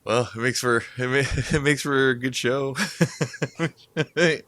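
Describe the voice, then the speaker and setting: Easygoing man with a smooth voice. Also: mid-range voice, a little slow, fairly bright tone, dry recording. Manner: easygoing, laughs while talking. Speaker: podcast host. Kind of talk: casual podcast chat. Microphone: podcast microphone.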